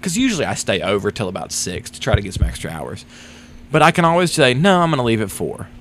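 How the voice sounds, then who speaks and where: A man's voice: mid-range voice, fast talker, slight background noise. A young man co-hosting a podcast, telling a work story in casual chat, swearing freely and acting out what others said. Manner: animated storytelling, casual swearing, acts out quotes. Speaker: podcast co-host.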